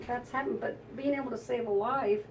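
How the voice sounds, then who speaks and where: A woman's voice: on the high side, fairly even intonation, fairly quick, a little mellow, far from the mic, slight background noise, rough recording. A woman psychic telling an emotional, rambling story in a conversational interview, often restarting her sentences.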